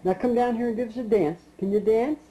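A woman's voice: fairly high pitch, quick pace, background noise. A woman at home in a casual family chat, encouraging a small child to dance. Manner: encouraging a toddler. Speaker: family member. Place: indoors at home.

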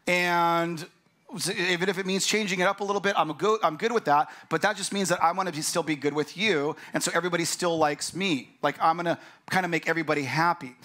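A man's voice: sits high, bright, forceful tone. A male pastor giving a conversational sermon, acting out the voices of the people he quotes.

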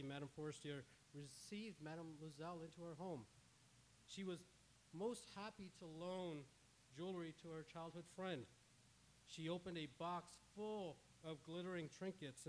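Pastor telling a story from the pulpit. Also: male voice, on the high side, a little hiss or hum. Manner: dramatic retelling with quoted dialogue. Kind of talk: sermon storytelling. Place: church.

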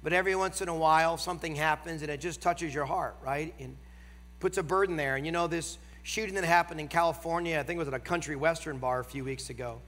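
A man's voice: fairly high pitch, a bit bright. Nasal, emphatic Northern preacher man. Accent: American Northern. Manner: emphatic, slows down for key phrases. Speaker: guest preacher. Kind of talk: sermon. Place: large church auditorium. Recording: long hall reverb.

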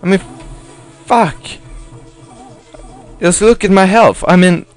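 A man's voice: high-pitched, slow pace. A man giving casual, rambling commentary while playing a video game, often swearing and apologizing. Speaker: let's play gamer. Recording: faint game music behind.

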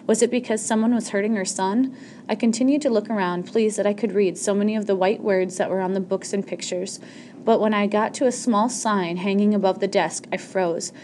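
A woman's voice: mid-range voice, a little mellow, slight background noise. A woman narrating an audiobook chapter in the first person, reading steadily with a few small slips.

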